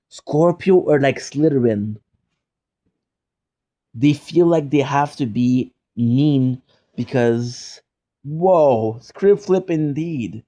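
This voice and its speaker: Playful teasing young man, mellow voice. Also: medium pitch. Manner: playful and teasing, bursts into mock outrage and repeated phrases. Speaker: live streamer chatting with viewers. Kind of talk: casual chat.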